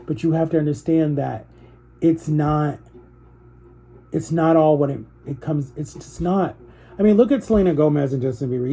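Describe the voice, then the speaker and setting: A man's voice: a little high, creaky, mellow, breathy edge. A young man vlogging to his viewers, telling a personal story in an emotional, rambling way that circles back on itself.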